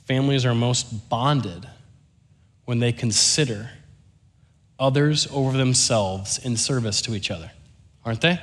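A young man giving a sermon, telling a story with lively, animated delivery and often checking in with the audience. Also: mid-range voice.

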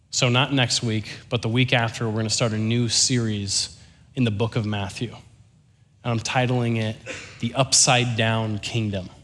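A young man giving a sermon, telling a story with lively, animated delivery and often checking in with the audience. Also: on the low side.

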